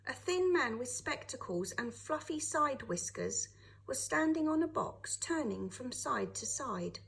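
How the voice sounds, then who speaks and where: A woman, a teacher, reading a children's novel aloud with expressive storytelling. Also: sits high, unhurried, creaky, low-quality recording.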